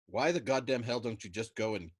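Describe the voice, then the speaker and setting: A man's voice: mid-range voice, a little fast, slightly rough, no room sound, close to an everyday voice. A man voicing a wounded young male airman who protests bluntly. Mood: defiant.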